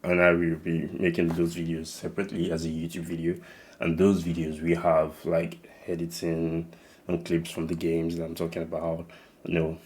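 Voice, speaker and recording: A man's voice: sits low, monotone, normal speed, a little mellow. A young man with a Nigerian-tinged accent casually introducing his channel, rambling with many restarts and fillers. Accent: Nigerian English mixed with slight American. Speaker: channel host.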